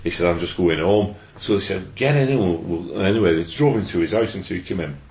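A man with a lowish voice spins a long anecdote in relaxed podcast chat. The recording is roomy, with clear echo around his voice. He talks in a chatty, storytelling way. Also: brisk. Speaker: podcast co-host. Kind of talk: casual chat.

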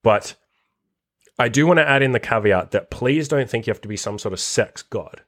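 Blunt, profane and constantly swearing, a podcast host and dating coach reacts with animation to a written list in a casual monologue. His voice is mid-range and his pace moderate.

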